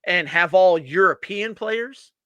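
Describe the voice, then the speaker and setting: A man co-hosting a laid-back podcast over beers, talking in an emphatic, cursing, riff-heavy way. His voice sits a bit high and sounds bright and forceful, and the sound is dry and close with no room echo. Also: slow, dull audio. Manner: emphatic, profane, riffing on ideas. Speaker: podcast co-host. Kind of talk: casual beer-drinking chat.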